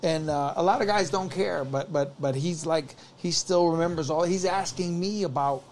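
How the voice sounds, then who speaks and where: A podcast guest casually spins a long, rambling story, animated and acting out what people said. His voice is on the high side at normal speed, with slight background noise.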